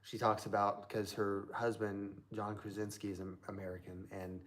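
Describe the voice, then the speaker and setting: A man's voice: on the low side, flat delivery, moderate pace, fairly bright tone. A man from Southern Indiana hosting a live stream, chatting casually in a rambling way with lots of fillers.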